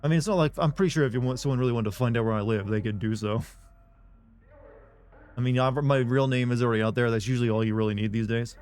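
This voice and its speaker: A man's voice: mid-range voice, fast talker, a little mellow. A man on a live game stream chatting casually with viewers, rambling and offhand, with frequent swearing and restarts.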